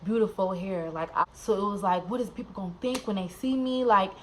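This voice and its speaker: A young woman vlogger telling a personal story in a candid, animated, slangy way, with many "like"s. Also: mid-range voice, fairly quick, slight background noise, low-quality recording.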